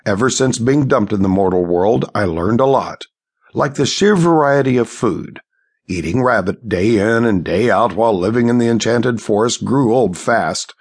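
A man narrating a fantasy audiobook in the first person with a wry, deadpan delivery. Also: on the low side, vocal fry, husky.

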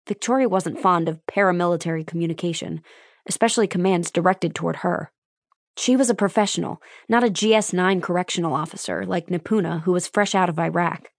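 A woman narrating a suspense audiobook in a steady, measured reading. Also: on the low side, vocal fry, no room sound, clean studio sound. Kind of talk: scripted narration.

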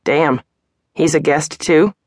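A woman voicing a brash, impulsive male club co-owner in an audiobook, firing off quick, blunt questions. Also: low voice, a little mellow, dry recording, studio quality. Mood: alarmed.

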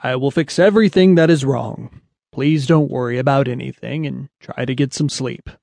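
A man voicing a wise, elderly stallion in a children's audiobook, using a deep voice and a calm, reassuring manner. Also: normal speed, creaky, no echo.

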